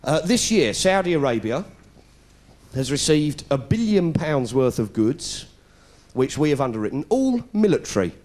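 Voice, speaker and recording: A man's voice: medium pitch, lively intonation, measured pace, a little mellow, slight background noise. A middle-aged British man telling a sarcastic stand-up story, putting on voices as he goes. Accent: British English. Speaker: comedian. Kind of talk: stand-up comedy routine. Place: stage before a live audience.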